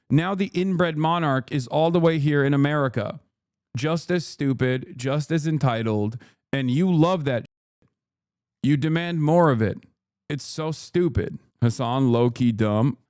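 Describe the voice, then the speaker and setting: A man's voice: mid-range voice, smooth, dry recording, clean studio sound. A man in his thirties streaming, reacting to a news clip with an angry, profane political rant. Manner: angry, profane, rising to shouting.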